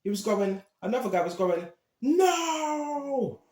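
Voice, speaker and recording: A man's voice: a little high, moderate pace, dark tone, echoey room. A man teaching from the Bible in a casual, conversational way, reading verses and often checking in with "right?". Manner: conversational, street slang, keeps asking "right?". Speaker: preacher.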